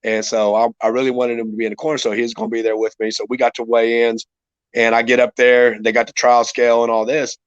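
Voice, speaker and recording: A man's voice: medium pitch, little pitch movement, fast talker, clear, resonant tone, no room sound, dull audio. A middle-aged man telling a rambling, profane fight story in casual podcast talk. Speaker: retired MMA fighter guest.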